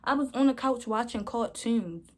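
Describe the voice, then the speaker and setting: A woman's voice: a little high, moderate pace. Young woman rambling thru a storytime vlog, slangy, keeps saying y'all. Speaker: vlogger. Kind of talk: casual storytime.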